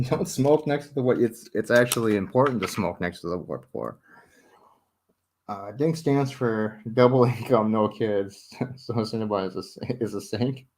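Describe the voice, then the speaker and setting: A young man with a fairly low voice talks with his viewers late at night from home, cracking jokes at his own expense. He swears freely and breaks into laughter often, loose and unhurried. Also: a little mellow. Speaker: livestreamer building a model ship.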